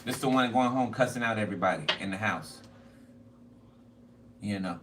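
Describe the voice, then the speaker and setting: A man's voice: on the low side, quick pace. A man doing a casual tarot card reading, blunt and profane and repeating himself a lot. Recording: noisy, distant mic.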